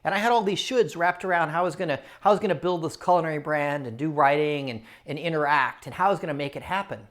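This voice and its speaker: A man telling his own story to camera in a casual, animated way, repeating phrases for emphasis. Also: a little high, quick pace, few pauses. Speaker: culinary storyteller and writer.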